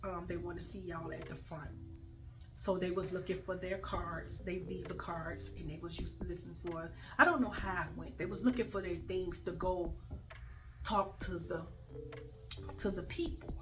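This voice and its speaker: A woman telling a story in a casual vlog, acting out the dialogue with big swings in pitch and loudness, and swearing freely. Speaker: storyteller vlogger. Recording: faint music in the background.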